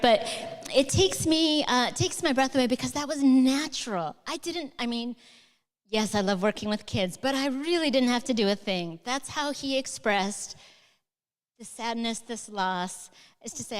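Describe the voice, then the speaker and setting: Woman author, live Q&A, eager and chatty, smooth voice, reverberant hall. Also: high voice, expressive, moderate pace. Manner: warm, enthusiastic, chatty with many fillers. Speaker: author answering audience questions. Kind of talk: live onstage conversation.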